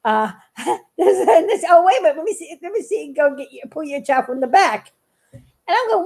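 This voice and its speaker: High-pitched middle-aged woman, chatty vlog, giggly, rambling, stumbles over her words. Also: sing-song, fairly quick, a little mellow. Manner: chatty, giggly, restarts often. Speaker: vlogger. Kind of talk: rambling personal story to viewers.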